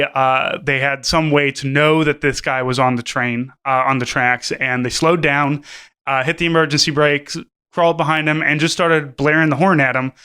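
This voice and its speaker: A man's voice: a little high, pushed and bright, smooth. A man co-hosting a podcast, chatting casually with lots of fillers, restarts and swearing. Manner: rambling, profane, many fillers and restarts. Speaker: podcast co-host.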